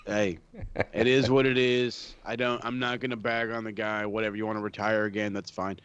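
A man's voice: on the low side, flat delivery, a little fast, a bit bright, smooth. A man co-hosting a casual wrestling podcast, laid-back and swearing casually. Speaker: podcast co-host. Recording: dull, dry sound.

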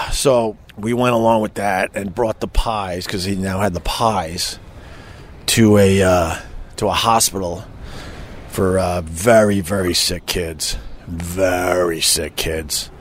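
A middle-aged man hosting a podcast, telling an old radio story in a profane, emotional, animated way. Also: lowish voice, slow, slight background noise. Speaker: podcast host and former radio host. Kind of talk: casual storytelling.

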